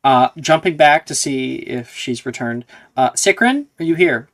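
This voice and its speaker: A playful game master running a tabletop session over voice chat. The voice sits at an ordinary middle pitch, often breaking into laughter while calling on players and fixing their spell names. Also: lively intonation, unhurried.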